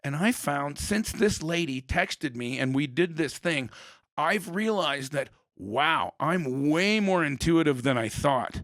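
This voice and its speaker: Higher-voiced man telling stories. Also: animated, slow pace, a bit bright, no room sound, studio quality. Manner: rambling storyteller, swears casually. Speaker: podcast host. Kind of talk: casual chat.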